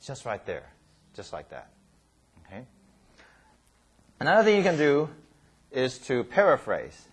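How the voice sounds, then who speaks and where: A man teaching a Bible study class. His pitch moves a lot and rises and falls as he explains each step. His voice is a little husky, and he stumbles and restarts words while checking that the class follows. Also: huge pitch swings, a little slow, long pauses. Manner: repeats key words, frequent "okay?" and "right?" check-ins.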